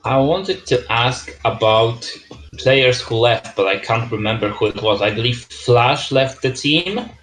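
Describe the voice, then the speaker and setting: A man's voice: mid-range voice, lively intonation, a little slow, fairly bright tone. Male league host, casual and chatty, echoey room. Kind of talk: casual esports league preview.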